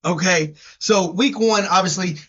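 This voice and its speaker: High-voiced Southern man trash-talking football. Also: sharp tone. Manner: brash, teasing, drawn-out emphasis. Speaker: podcast co-host. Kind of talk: casual sports chat. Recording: dull lo-fi sound.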